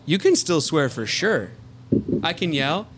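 A man's voice: on the high side, big pitch swings, measured pace, fairly bright tone, slight background noise. A man hosting a podcast, talking casually in a loose, joking, playful way as he runs the show. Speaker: podcast host.

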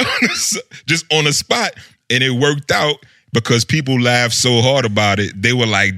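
A man co-hosting a casual chat, laid-back and animated, full of slang. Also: fairly low pitch, brisk, dry recording, clean studio sound. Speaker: co-host.

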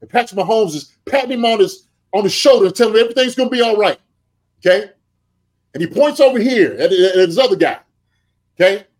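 Man talking football, storytelling tone, keeps asking "right?", slightly high voice. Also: expressive, fast, darkish tone. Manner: preachy storytelling with rhetorical "okay?" and "right?". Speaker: podcast co-host, former tight end. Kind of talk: animated sports analysis.

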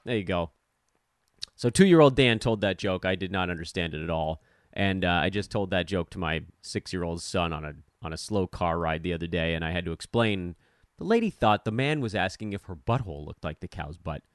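A man's voice: low-pitched, animated, fairly quick, no echo, clean studio sound. A man in his thirties hosting a podcast, giving rambling, self-deprecating fantasy basketball commentary. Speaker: podcast host. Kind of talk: casual fantasy sports commentary.

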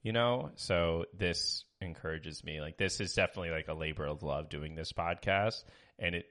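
A man's voice: deep voice, moderate pace, fairly bright tone. A man co-hosting a podcast, chatting casually and hesitantly with many fillers, reading listener reviews aloud. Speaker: podcast co-host. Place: small home studio.

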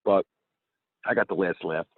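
A man guest telling a profane, animated story in a casual chat. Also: low-pitched, moderate pace, slightly rough, dry recording, phone-quality sound. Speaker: comedian guest.

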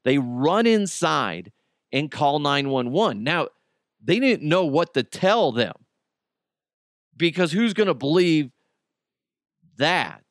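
A man's voice: a little high, no room sound, clean studio sound. A man hosting a podcast, telling a story in a loose, conversational way with fillers and restarts. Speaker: podcast host. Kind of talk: casual storytelling.

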